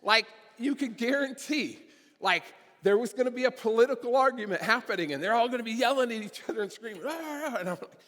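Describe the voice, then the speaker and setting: High-voiced preacher in a reverberant church. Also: male voice, quick pace, a bit bright. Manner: conversational storytelling with casual fillers. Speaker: guest preacher. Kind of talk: sermon. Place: church sanctuary.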